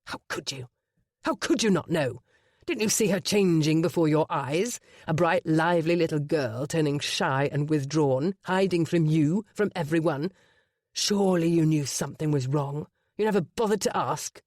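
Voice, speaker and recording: A narrator voicing a ruthless self-made duke in an audiobook, speaking in a low, smooth and threatening way. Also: male voice, normal speed, darkish tone, no room sound, clean studio sound, lightly acted. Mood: menacing. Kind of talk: audiobook character voice.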